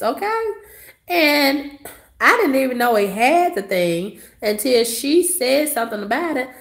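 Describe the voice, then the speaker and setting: Sassy woman ranting in an echoey room. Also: high voice. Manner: profane, sassy, exaggerated. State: coughing. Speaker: vlogger. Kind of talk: ranting monologue.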